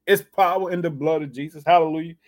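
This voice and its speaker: A man's voice: a little high, steady tone, quick pace. A man reading scripture aloud and breaking off to preach on it, fervently prodding his listeners with rhetorical questions. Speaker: bible teacher.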